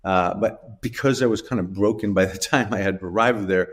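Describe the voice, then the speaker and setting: A middle-aged man, an interview guest, tells a personal story in a halting, emotional way with restarts and small laughs. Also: on the low side, breathy edge. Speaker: guest telling his story.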